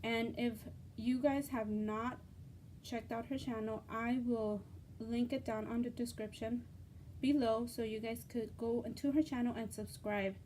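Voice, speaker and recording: A woman hosting a casual craft unboxing vlog, gushing and excitable, with lots of fillers and repeated words. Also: a little high, a little slow, a little hiss or hum. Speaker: craft channel host.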